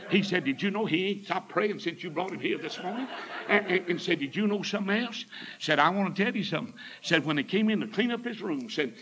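Emphatic preacher, high voice. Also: male voice, poor audio. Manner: folksy, emphatic, rising to shouts. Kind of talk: storytelling sermon.

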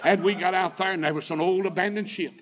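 An older man preaching a folksy storytelling sermon, emphatic and rising to shouts. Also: high voice, steady tone, quick pace, noisy background.

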